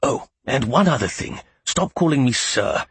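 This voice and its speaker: A man's voice: medium pitch, expressive, moderate pace, a bit bright, breathy edge, no room sound. A man reading an audiobook, voicing a terse, businesslike male shopkeeper in a matter-of-fact way.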